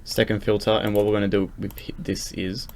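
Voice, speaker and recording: A man's voice: on the low side, little pitch movement, fairly quick, heavy background noise. A young man talking casually through a music production tutorial, loose and rambling with lots of fillers and restarts. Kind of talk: casual screen-recorded tutorial. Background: loud synth music and keyboard typing.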